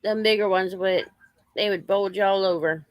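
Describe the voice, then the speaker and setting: Woman vlogger, blunt and salty, mid-pitched, dry recording. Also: steady tone, normal speed, no room sound. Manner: coarse, chatty, scolds and coos at dogs. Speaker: vlogger talking to her dogs. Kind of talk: casual chat with pets. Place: home with dogs around.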